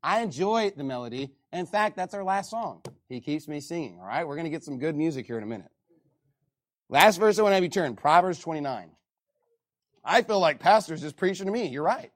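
A man preaching a sermon as pastor, animated, often reading scripture aloud to the congregation. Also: a little high, brisk.

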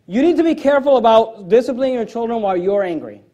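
High-voiced emphatic male preacher. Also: fast talker, hardly any pauses, dark tone. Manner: emphatic preaching, reading scripture aloud; joking asides, voice jumping high on punch lines. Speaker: pastor. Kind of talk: sermon.

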